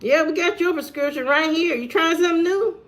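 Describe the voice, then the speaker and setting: A woman's voice: extremely high pitch, fairly quick, pitched above the performer's own voice. A woman voicing a chirpy, overly familiar pharmacist in a breezy, familiar way.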